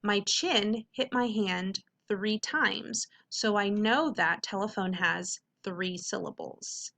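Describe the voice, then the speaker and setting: A woman reading teacher giving an upbeat video lesson to middle schoolers, often checking in with "okay?" and slowing down to sound out words. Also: mid-range voice, creaky, pushed and bright. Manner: slows to sound out words carefully.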